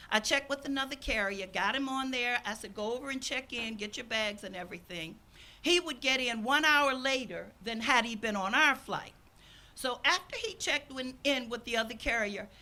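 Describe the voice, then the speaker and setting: Older woman pastor, fairly high and bright, lively storytelling sermon. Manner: storytelling, acts out quoted speakers. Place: outdoors.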